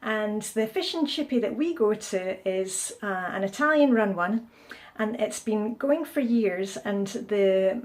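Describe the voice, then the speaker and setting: A woman's voice: mid-range voice, expressive, slow, hardly any pauses, darkish tone. A middle-aged Scottish woman chatting casually in a travel vlog, with lots of fillers and restarts as she talks to the camera. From Scotland. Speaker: vlogger. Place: restaurant and streets, indoors and out. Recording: noisy background.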